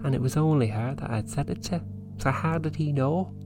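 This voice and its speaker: A woman's voice: low-pitched, fairly quick, over music, natural voice. A woman voicing an eccentric middle-aged psychic woman, rambling earnestly in a comedic reading. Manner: rambling confessional, earnest, dry.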